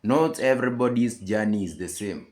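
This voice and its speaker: A man's voice: lowish voice, moderate pace, darkish tone. A man hosting a commentary channel who speaks to viewers in an earnest, reassuring way. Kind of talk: direct-to-camera commentary.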